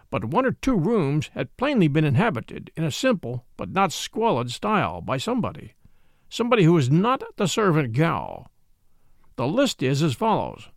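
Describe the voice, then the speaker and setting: A man's voice: on the high side, huge pitch swings, normal speed, creaky, no echo, clean studio sound, exaggerated voice. A man voicing a grave, lean, grey-haired police inspector in a storybook reading, speaking in a businesslike way.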